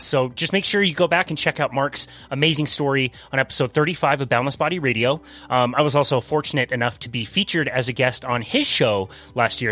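A man hosting a podcast interview, friendly and quick to laugh, with frequent "um" fillers. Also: medium pitch, fairly bright tone. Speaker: podcast host. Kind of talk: casual interview chat.

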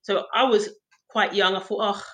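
A woman's voice: mid-range voice, fairly even intonation, normal speed, a bit bright. A young woman, a physiotherapist guest chatting casually on a podcast, laughing often and poking fun at herself. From South London, England.

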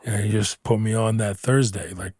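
A man's voice: fairly low pitch, moderate pace, slightly rough, no room sound. Swearing man in his thirties, dry sound. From Houston, Texas. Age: 30s. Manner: animated, swearing, playful banter. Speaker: comedian co-host. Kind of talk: casual chat.

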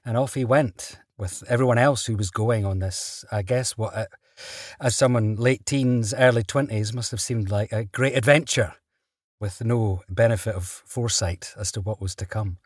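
A man, an actor guest, telling stories in a relaxed interview, chatty and quick to laugh. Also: lowish voice, slightly rough, dry recording, studio quality. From Britain. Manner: chatty, laughs often, restarts mid-sentence.

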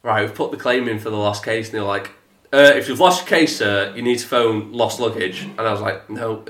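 Animated man telling a story. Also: fairly quick. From England. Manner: animated, swearing, mimics others in a flat lowered voice. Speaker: podcast co-host. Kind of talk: casual storytelling chat. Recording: echoey room.

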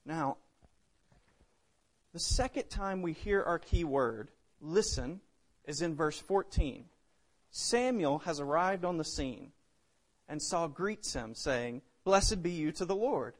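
A man preaching a sermon, swinging between loud emphasis and hushed drops. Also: fairly high pitch, animated, slow, long pauses.

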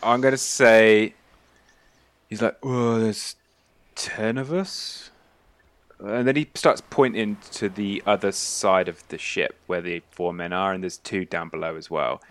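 A man narrating as game master of a tabletop game, throwing in quick voices for the characters. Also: low-pitched, fairly even intonation, fairly bright tone, clear, resonant tone. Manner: voices the sailors in quick asides.

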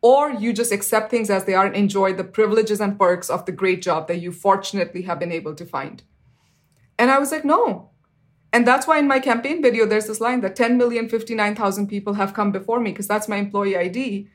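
Speaking at a quick pace, this thirties-aged interview guest tells a personal story with real earnestness. Fillers such as "you know" pop up, and she leaps higher in pitch when voicing other people's words.

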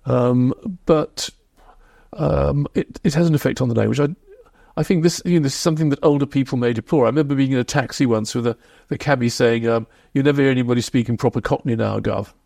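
A man being interviewed as a historian, explaining in a reflective, measured way. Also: medium pitch, gravelly, mellow, no echo, clean studio sound. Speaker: historian guest. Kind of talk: podcast interview.

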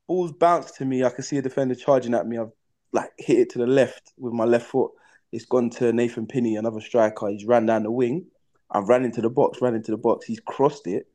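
Brief: young man, footballer guest, animated slangy storyteller, mid-pitched voice. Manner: animated, slangy, acts out his own past reactions. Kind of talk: casual storytelling in a podcast interview.

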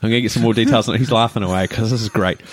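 A man's voice: lowish voice, fairly even intonation, racing. A man co-hosting a casual podcast, joking around and asking playful questions. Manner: jokey, asks playful questions. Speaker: podcast co-host. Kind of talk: casual chat.

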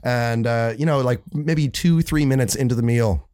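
A man's voice: medium pitch, normal speed, no echo, clean studio sound. A man with an Irish accent, a guest telling stories in a casual chat, rambling and acting out the quotes he tells. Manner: rambling, animated, acts out quotes. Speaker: podcast guest, saxophonist.

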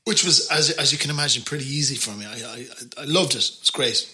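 A man's voice: mid-range voice, quick pace, bright, forceful tone. An Irish man telling stories as a podcast guest, chatty and self-deprecating. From Ireland. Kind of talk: casual interview chat.

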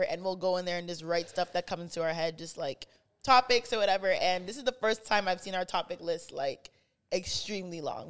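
Podcast host, young woman, casual and bossy, laughs easily, keeps the show moving. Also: on the low side. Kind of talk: casual chat.

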